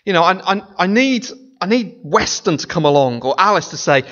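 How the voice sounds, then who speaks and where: A man preaching a sermon as a pastor, animated and playful, often mimicking voices and singing snippets. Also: high voice, brisk. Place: church sanctuary. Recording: dull lo-fi sound in a large reverberant church hall.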